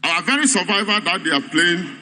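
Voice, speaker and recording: A man's voice: high voice, lively intonation, brisk, pushed and bright, a little hiss or hum, rough recording. A man with a Ghanaian accent giving a mocking political rally speech to a party congress, hammering his points through repetition.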